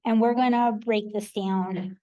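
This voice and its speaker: American woman presenter, mellow voice, practical explainer at a conference talk. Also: mid-range voice, steady tone, a little slow, poor audio. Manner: practical, explanatory, with frequent ums. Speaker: research coordinator presenter. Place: conference hall.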